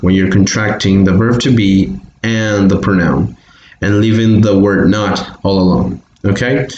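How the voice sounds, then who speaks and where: A man's voice: on the low side, a little mellow. A man with a Bolivian Spanish accent, giving an online English lesson and patiently repeating example sentences for pronunciation. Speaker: English teacher. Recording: echoey room, faint background hiss.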